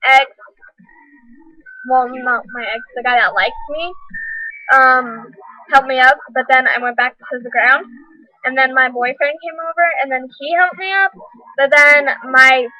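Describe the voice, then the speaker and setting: A woman's voice: high voice, steady tone, unhurried, long pauses, dull audio, soft background music. A teenage girl rambling through a school drama story in a casual vlog, full of "like" and "um". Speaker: vlogger.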